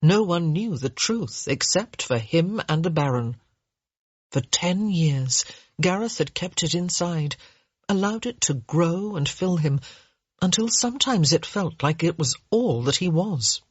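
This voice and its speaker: A woman narrating an audiobook in a measured, steady reading manner. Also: fairly low pitch, husky, dry recording. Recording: dull lo-fi dry recording.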